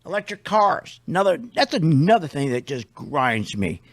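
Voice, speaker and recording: A man's voice: a little high, sing-song, normal speed. An older man hosting a radio show, ranting in a blunt, indignant, rambling way.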